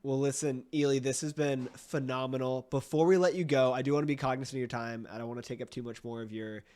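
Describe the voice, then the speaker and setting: A man's voice: mid-range voice, steady tone, fast, a little mellow. Podcast host guy, hyped and slangy, hell yeah energy. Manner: enthusiastic and slangy. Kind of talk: casual chat.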